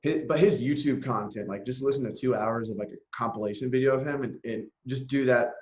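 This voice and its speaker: A young man telling stories as a podcast guest, animated and a little profane. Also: medium pitch, a little fast, reverberant, dull audio. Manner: animated, profane, acts out quotes. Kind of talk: casual storytelling in conversation.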